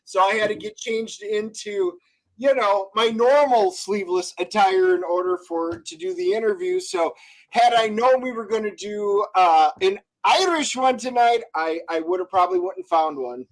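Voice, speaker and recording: A man's voice: high-pitched, expressive, normal speed, low-quality recording. A man chatting as a guest on a casual stream, laid-back and rambling, with dry humor. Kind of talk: casual live-stream chat.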